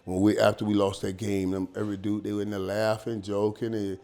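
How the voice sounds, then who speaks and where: A man in his fifties, a guest on an interview show, telling stories in a casual, animated and slangy way, repeating words and acting out what others said. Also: on the low side, fairly quick, gravelly. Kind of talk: casual storytelling.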